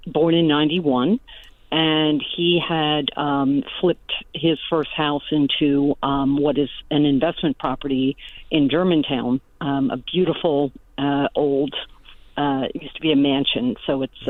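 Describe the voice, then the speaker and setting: A woman's voice: low-pitched, no echo. A middle-aged woman from Philadelphia calling in to a radio show, talking hesitantly with many fillers. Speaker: caller. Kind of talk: call-in radio question. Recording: tinny phone line.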